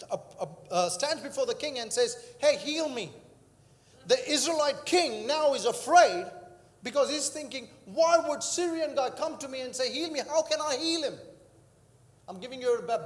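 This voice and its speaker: A male pastor preaching a sermon, telling a story with frequent fillers and acted-out quotes. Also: extremely high pitch. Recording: echoey hall with long reverb.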